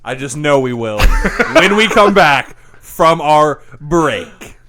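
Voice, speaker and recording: High-voiced man joking on a podcast. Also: takes it slowly. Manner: jokey, deadpan-absurd banter. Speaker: podcast co-host. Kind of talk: casual comedy podcast chat.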